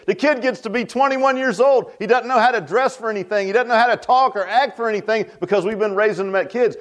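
A man preaching a sermon in a folksy, emphatic way, swooping between high and low.

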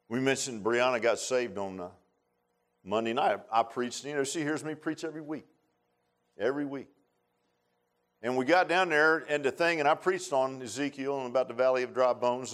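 A middle-aged man preaching a sermon in a folksy, repetitive way, rising to loud, emphatic bursts. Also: medium pitch. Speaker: pastor.

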